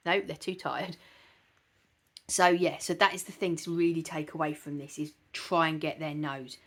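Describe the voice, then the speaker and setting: A woman's voice: sits low, fairly even intonation, normal speed. A woman hosting a dog channel, talking earnestly and from the heart to her viewers, with frequent hesitations. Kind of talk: casual vlog talk to camera.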